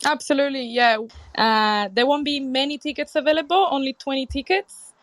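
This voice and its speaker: A woman's voice: high voice, a little fast, a bit bright, no room sound. A Sicilian-born woman chef in her younger adult years talks in an Italian accent that carries some British English. She is frank and earnest, often restarting her sentences as she thinks. The recording is dry and close, with no room around her voice. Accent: Italian with British English influence. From Sicily, Italy. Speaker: chef, guest. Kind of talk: casual interview conversation.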